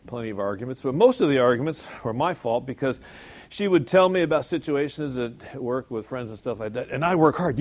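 A man's voice: medium pitch, lively intonation, brisk. A man giving an informal sermon, talking conversationally, chuckling often and joking about himself. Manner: conversational, chuckles often, jokes at his own expense. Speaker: Christian speaker.

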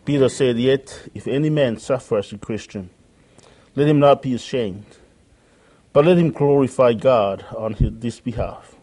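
A man's voice: medium pitch, mellow. A man preaching a sermon in an earnest way, often repeating phrases and quoting scripture.

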